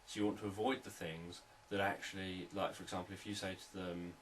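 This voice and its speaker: A man, a hypnotherapist, explaining sales techniques in a calm, repetitive, unscripted teaching talk. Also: low-pitched, a little fast, recorded from a distance, a little hiss or hum, low-quality recording.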